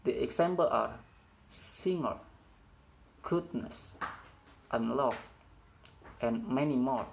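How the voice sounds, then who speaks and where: Young male student, first language Indonesian, unhurried lesson read, gravelly edge, faint hiss behind. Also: medium pitch, rough recording. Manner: slow, careful reading with stumbles over phrasing. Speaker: student presenter. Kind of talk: read classroom presentation.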